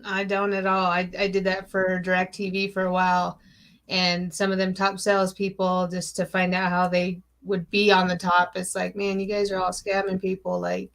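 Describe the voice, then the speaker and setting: A woman's voice: fairly low pitch, completely flat delivery, moderate pace, fairly bright tone. A woman co-hosting a podcast, telling stories about call center work in an easygoing way, laughing as she talks. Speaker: podcast co-host. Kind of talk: casual chat.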